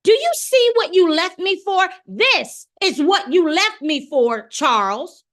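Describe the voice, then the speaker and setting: A woman performing a monologue over a video call as a betrayed, bitter wife accusing her unfaithful husband, her delivery raw and swinging between quiet and shouting. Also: very high-pitched, expressive, slow, heavily acted. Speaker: acting student performing a monologue. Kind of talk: dramatic film monologue performance. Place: home via video call. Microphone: video call microphone.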